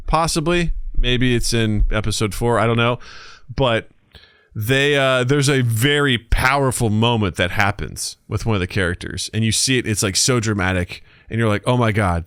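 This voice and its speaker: A man co-hosting a podcast in casual chat, telling stories with lively acted-out quotes. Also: medium pitch, clean tone, no echo, clean studio sound. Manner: animated storyteller, acts out quotes. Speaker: podcast co-host.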